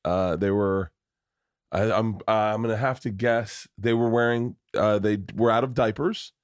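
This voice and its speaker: A man's voice: lowish voice, fairly even intonation, unhurried. A middle-aged man hosting a podcast, telling rambling, profane, jokey stories in casual chat. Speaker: podcast host.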